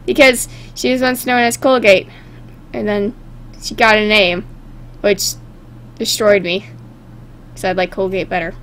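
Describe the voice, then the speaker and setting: A woman's voice: medium pitch, moderate pace, long pauses, a bit bright. A woman giving casual, playful commentary while playing a game, often giggling and joking. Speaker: gamer.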